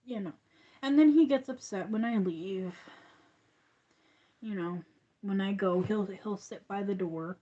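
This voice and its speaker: A woman's voice: medium pitch, unhurried, long pauses, dark tone, highs cut off. A woman hosting a crochet livestream, chatting casually and rambling with frequent laughs.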